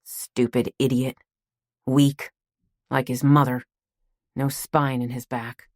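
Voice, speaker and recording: A woman narrating an audiobook while voicing a hoarse, bitter old grandfather lying in a hospital bed, speaking slowly and bluntly. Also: a bass voice, little pitch movement, a little mellow, no echo, studio quality, heavily acted. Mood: contemptuous. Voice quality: hoarse, rasping. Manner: slow, blunt, muttering.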